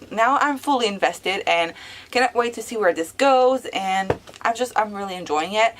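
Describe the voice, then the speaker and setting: Gushing, excitable woman book vlogger. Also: mid-range voice. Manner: excitable, gushing, heavy use of "like" fillers; casual swearing. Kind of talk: casual reading vlog chat.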